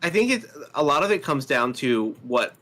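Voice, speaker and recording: American guy, calm explainer, lots of ums, bright voice. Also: mid-range voice, a little hiss or hum. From United States. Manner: measured, explanatory, frequent "um"s. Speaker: podcast co-host. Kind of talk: casual political commentary.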